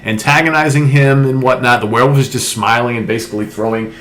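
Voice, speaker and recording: A man co-hosting a casual comic book talk show, retelling a story with animated asides. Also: mid-range voice, fast talker. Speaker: podcast co-host. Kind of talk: casual chat reviewing a comic. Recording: echoey room, faint noise.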